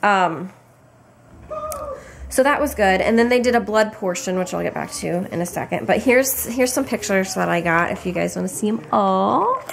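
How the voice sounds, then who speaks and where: Young woman vlogger, tired, chatty and rambling, mid pitch, close camera mic with faint background noise. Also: normal speed, creaky. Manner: chatty, rambling, many fillers and restarts. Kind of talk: casual pregnancy update vlog.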